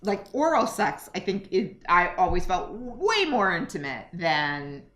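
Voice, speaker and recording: Speaking in a lowish, sing-song voice that's a little slow and fairly bright, this female podcast co-host keeps the talk candid and casual. She mocks herself, with lots of fillers and restarts, and the room echo is noticeable.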